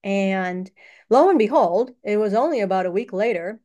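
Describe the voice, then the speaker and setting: A woman's voice: mid-range voice, expressive, normal speed, dark tone, lo-fi sound. A woman hosting her own channel, talking in a casual, rambling personal monologue and laughing often. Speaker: channel host.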